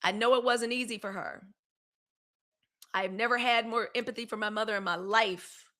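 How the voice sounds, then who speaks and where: Woman ranting on her live news show, keeps repeating herself for emphasis, bright sharp voice. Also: fairly high pitch, fairly even intonation, normal speed. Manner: fiery and emphatic, with repeated phrases and AAVE slang. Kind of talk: impassioned livestream commentary.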